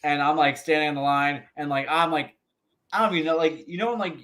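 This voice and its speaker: A man's voice: fairly high pitch, fairly even intonation, fast talker, fairly bright tone. A man, a comedian guest on a podcast interview, telling a long profane anecdote with frequent laughs.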